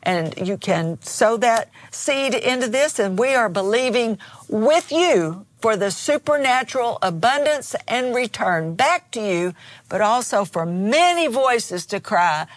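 A woman's voice: fairly high pitch, expressive, a little slow, no room sound. A woman minister co-hosting a televised preaching broadcast, telling stories and exhorting earnestly. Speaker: minister and co-host.

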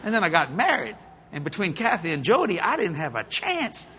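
A middle-aged man preaching a storytelling sermon, folksy and animated, laughing at his own stories. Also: high-pitched, a little fast, slight background noise.

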